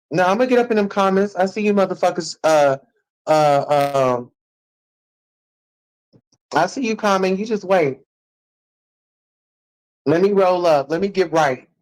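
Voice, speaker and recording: A man with a slightly high voice talks to his live-stream viewers in a sassy, brash rant full of cursing. He drags out his taunts in a teasing sing-song, and the recording quality is low.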